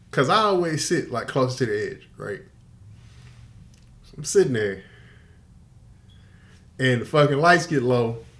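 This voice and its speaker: A man's voice: mid-range voice, a bit bright. An older man telling a story in casual podcast chat, profane and laughing often. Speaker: podcast co-host.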